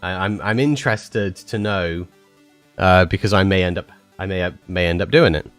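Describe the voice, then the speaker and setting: A man's voice: deep voice, normal speed, no room sound, soft background music. A man chatting casually with his live-stream viewers, rambling with many fillers and restarts.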